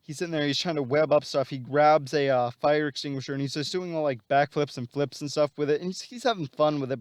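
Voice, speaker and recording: A man's voice: fairly high pitch, clean tone, no room sound, studio quality. A man casually retelling a story plot, rambling and full of fillers.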